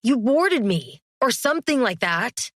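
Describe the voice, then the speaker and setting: A woman's voice: on the high side, big pitch swings, measured pace, fairly bright tone, no echo, clean studio sound, voice pushed up, heavily acted. Woman voicing a sneering young male prefect. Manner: sneering, pompous.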